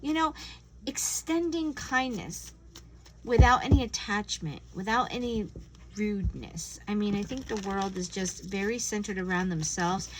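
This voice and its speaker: A woman giving a casual spiritual tarot reading, earnest and gentle, often acting out imagined conversations. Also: mid-range voice, lively intonation, unhurried, poor audio. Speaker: tarot reader.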